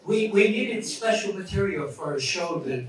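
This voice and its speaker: A man's voice: high voice, animated, moderate pace. A man in his eighties giving a reminiscing speech at a memorial, rambling with asides. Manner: warm-hearted rambling with asides. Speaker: speaker at a memorial. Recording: echoey hall, far from mic, crowd.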